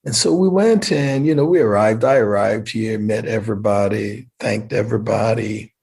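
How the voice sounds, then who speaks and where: A middle-aged man from Liberia, telling a personal story in an animated way as an interview guest. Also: fairly low pitch, moderate pace, gravelly, husky. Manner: animated storyteller who acts out quoted voices.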